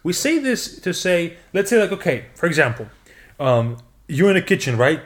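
Man, podcast host, upbeat and animated, slightly higher voice, teaching phrases. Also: moderate pace. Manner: upbeat, animated, laughs often. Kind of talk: casual podcast chat and language lesson.

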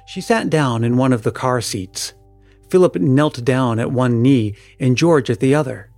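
Male storyteller, measured and calm, dry close recording. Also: mid-range voice, no echo, soft background music. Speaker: story reader. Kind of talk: storybook narration.

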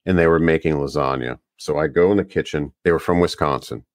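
A man from the Northeastern US co-hosting a podcast in casual chat, telling rambling, animated stories. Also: extremely low pitch, fairly quick, no room sound, clean studio sound. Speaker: podcast co-host.

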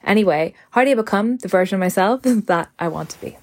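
A woman's voice: medium pitch, expressive, quick pace. A twenty-five-year-old woman hosting her own podcast, talking casually and rambling with lots of "like" and self-corrections, recorded on her phone. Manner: chatty, rambling, heavy use of "like", self-correcting. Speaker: podcast host. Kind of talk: casual solo podcast chat.

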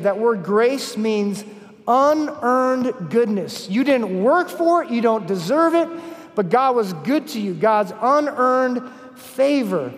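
A man preaching a sermon at a conference, emphatic, repeating key phrases and telling stories. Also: extremely high pitch. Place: large conference hall. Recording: long hall reverb.

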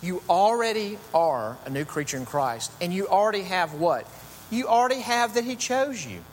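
A man's voice: high voice, very animated, moderate pace. A man preaching a sermon in a conversational, storytelling way with chatty asides. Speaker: pastor. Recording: long reverb, faint hum.

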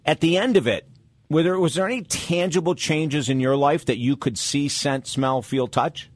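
A man's voice: a little high, normal speed, no room sound, studio quality. A man hosting a radio talk show, asking questions with eager restarts and plugging the show between segments. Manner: enthusiastic, stumbling restarts in questions. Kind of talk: radio interview.

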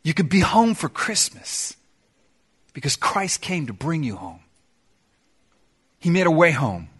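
A middle-aged man preaching a sermon in a church, emphatic, swinging between loud declarations and soft, confiding asides. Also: fairly high pitch, slightly rough. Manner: sings song lyrics in snatches. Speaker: pastor.

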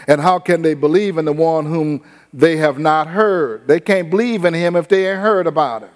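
Pastor, high voice, folksy sermon delivery, drawn-out emphasis, reverberant sanctuary. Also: male voice. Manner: conversational preaching, drawn-out emphasis, folksy phrasing. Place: church sanctuary.

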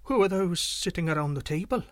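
A man's voice: high-pitched, animated, a little fast, no echo. A man voicing a curious, eager Welshman who asks question after question in a wondering tone.

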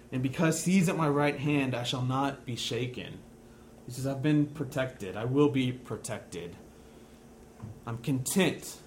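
A male pastor preaching a sermon, talking through scripture with slow, deliberate emphasis and repeating key phrases. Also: medium pitch, darkish tone, a little hiss or hum.

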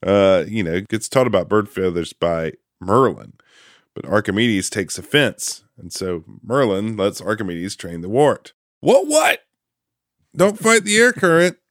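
A man hosting a casual podcast, retelling a film's plot with lively delivery and quick quoted voices. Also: lowish voice, no echo, clean studio sound. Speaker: podcast host recapping a film.

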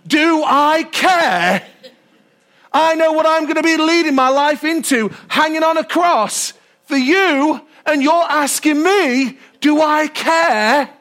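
A patient, gentle grown man pleads slowly, stretching out his words, as a preacher puts him on. The voice sits very high for a man. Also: full character voice. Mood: pleading.

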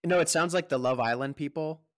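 A man's voice: fairly high pitch, fast, fairly bright tone, no echo. Earnest man in dry improv banter. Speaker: improv performer playing an HR manager. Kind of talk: improvised comedy chat.

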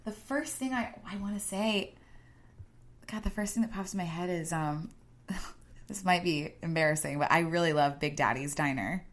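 A woman's voice: lowish voice, normal speed. A woman guest on a podcast, chatting casually in a giggly, easygoing way. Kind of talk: casual chat.

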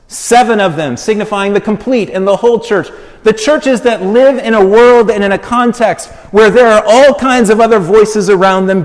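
High-voiced male preacher in a reverberant hall. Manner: measured, emphatic preaching with slow repeated phrases. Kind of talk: sermon.

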